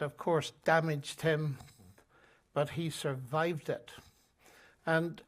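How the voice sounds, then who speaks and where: An older man from Northern Ireland with a Northern Irish accent, telling his story in a measured, gently humorous way as the guest of a live on-stage interview in a lecture hall. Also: on the high side. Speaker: guest speaker.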